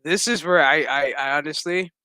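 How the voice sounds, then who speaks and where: A man's voice: on the high side, moderate pace, bright, forceful tone, clean tone, dry recording. A man giving a rambling, profane recap of a TV episode, acting out the characters' lines as he goes. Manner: rambling, profane, acts out quotes. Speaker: show recap reviewer.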